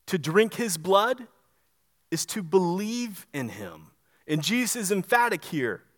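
A man with a high voice preaches a sermon. He talks to the congregation conversationally but hits his points with emphasis and keeps asking rhetorical questions. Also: big pitch swings, unhurried, fairly bright tone. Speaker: pastor.

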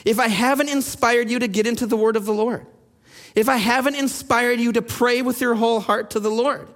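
High-voiced preaching man in a hall. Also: fairly even intonation, fairly quick, fairly bright tone. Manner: storytelling, rising to urgent challenges. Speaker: pastor. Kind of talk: sermon. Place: church sanctuary.

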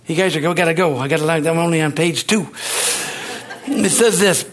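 A man's voice: on the high side, normal speed. A man preaching a sermon, exhorting his listeners with rising energy, rambling at times with restarts.

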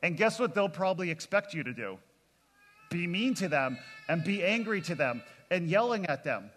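A man's voice: high voice, sing-song, normal speed, fairly bright tone. Earnest man preaching in a reverberant hall. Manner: earnest, plainspoken, calls out to the crowd. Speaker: kids camp pastor. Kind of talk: sermon to children and adults.

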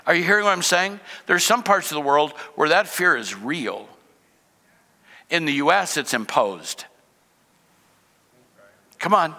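A man's voice: on the high side, expressive, a little slow, pauses often, bright, forceful tone, big-room sound. An older man preaching a sermon in a conversational way, asking rhetorical questions and mixing in humor. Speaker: pastor.

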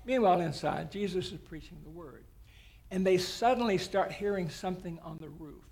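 Guy preaching a sermon, high voice, funny folksy storytelling. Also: moderate pace, a little mellow. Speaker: guest preacher.

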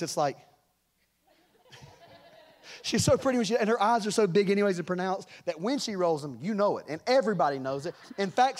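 High-voiced storytelling male pastor. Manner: storytelling, chuckling, animated. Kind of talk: sermon.

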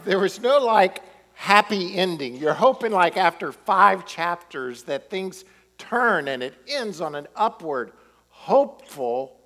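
A man preaching a sermon, in a relaxed conversational way with plenty of fillers. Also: on the high side, long reverb tail. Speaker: pastor.

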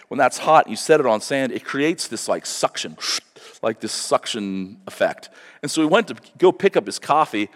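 A man preaching a Sunday sermon as pastor, earnest and conversational, often repeating words as he starts a sentence. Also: mid-range voice. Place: church sanctuary. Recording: long hall reverb.

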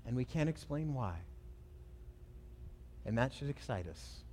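A man's voice: medium pitch, expressive, measured pace, darkish tone, long reverb tail, a little hiss or hum. A male pastor preaching a sermon, asking questions and answering them himself in an emphatic delivery.

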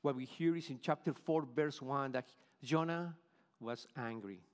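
A man's voice: mid-range voice, measured pace, long reverb tail. A middle-aged man from Colombia with a Colombian Spanish accent, preaching a sermon in English, his second language, earnestly and often repeating words while searching for phrasing. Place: church sanctuary.

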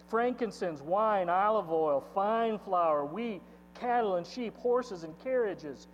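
A man preaching from the pulpit, pitched high for a male speaker. He reads scripture and leans hard on key words. His voice rings out in a long-echoing hall, dulled a little, with a faint mains hum underneath. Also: dull audio. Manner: expository preaching, reading scripture aloud with emphatic swings in loudness. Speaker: pastor. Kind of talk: sermon.

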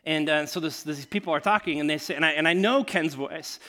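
A man's voice: on the high side, fairly quick. A man preaching to his church, first praying and then telling a story, with many fillers and restarts. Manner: grows animated and laughing while telling a story. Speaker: pastor. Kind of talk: sermon with storytelling.

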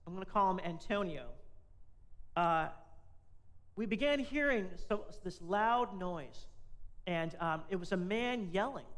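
A man's voice: high-pitched, a bit bright. A man, a pastor, giving a conversational sermon and asking the congregation questions.

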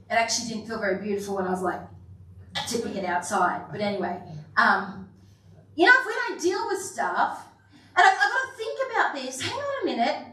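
A woman's voice: high-pitched, fairly bright tone. A woman pastor delivering a sermon in an earnest, storytelling manner with self-deprecating asides. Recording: echoey church hall, voice from a distance, faint room hum.

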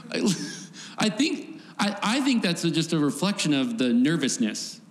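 A man's voice: on the high side, sing-song, unhurried, long pauses. A man giving a conversational sermon, often laughing and acting out voices from the story. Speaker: preacher. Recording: faint background noise, long hall reverb.

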